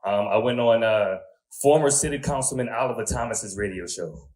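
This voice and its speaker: A man in his thirties doing a stand-up comedy set, telling crude stories in a conversational way and checking in with the crowd with quick asides. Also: fairly low pitch, darkish tone. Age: 30s. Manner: conversational storytelling, crude punchlines, frequent "right?" asides.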